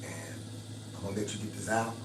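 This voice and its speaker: A soft-spoken woman coaxes her angry partner in a low, hushed voice, as a man puts her on. Her tone stays tender and pleading. The voice sits back from the mic in a roomy space with faint ambience behind it. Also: steady tone, fast, far from the mic, noisy background, lightly acted. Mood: soft coaxing.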